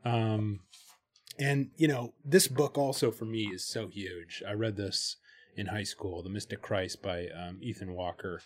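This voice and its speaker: A male podcast host in easygoing conversation. He talks at length in a fairly low voice, full of "um"s and restarts. Now and then he slips into reading a passage aloud. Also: unhurried. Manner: talkative, many fillers and restarts, reads passages aloud. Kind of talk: casual chat about spirituality.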